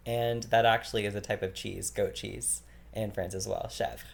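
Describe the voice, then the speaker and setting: Gravelly-voiced man teaching casual vocabulary. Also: lowish voice. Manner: relaxed, chatty, repeats each word slowly, laughs often. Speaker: language teacher.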